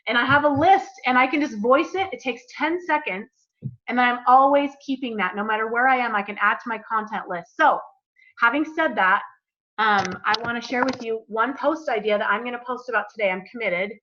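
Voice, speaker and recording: A woman's voice: a little high, brisk, pushed and bright, lo-fi sound. A woman coach leading a live group coaching call, talking in an upbeat, chatty, eager way.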